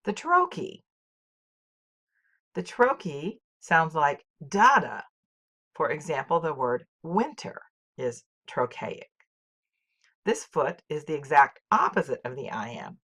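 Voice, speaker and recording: A woman teaching, reading a scripted poetry lesson in a clear, measured way and reciting poems with marked rhythm. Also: low voice, very animated, fairly bright tone. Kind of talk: scripted educational narration.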